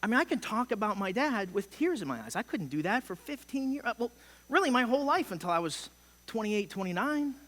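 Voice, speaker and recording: A middle-aged male pastor preaches a sermon in a high, bright, ringing voice, very animated and brisk. His impassioned, emphatic delivery swells and drops suddenly, and the church sanctuary gives it a long reverb.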